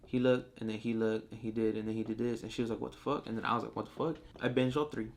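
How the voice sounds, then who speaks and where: A man's voice: fairly low pitch, fast talker, slight background noise. A man reviewing a TV show in casual, profane talk, acting out the characters as he goes. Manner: animated, profane, acts out characters.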